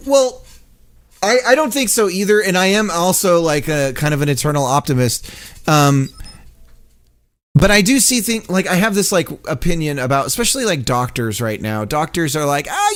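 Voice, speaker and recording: Chatty, lively-voiced man. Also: fairly high pitch. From United States. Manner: rambling and chatty, laughs often, swears freely. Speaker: game dev streamer. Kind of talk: casual live-stream chat while coding.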